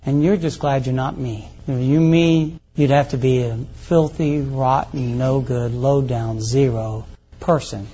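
A man's voice: medium pitch, steady tone, a little slow, warm tone, husky. A middle-aged male pastor preaching a folksy, conversational sermon full of rhetorical questions. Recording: muffled lo-fi recording.

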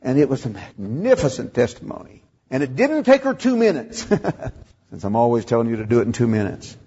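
A man's voice: mid-range voice, wildly swooping pitch, fairly quick, mellow, husky, lo-fi sound. An older man preaching a sermon, telling a story and acting out the dialogue. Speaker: pastor.

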